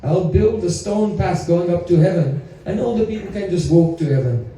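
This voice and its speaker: A man's voice: high-pitched, moderate pace, warm tone, recorded from a distance. A man voicing a proud, scheming demon king within a spiritual lecture. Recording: very echoey room, voice from afar.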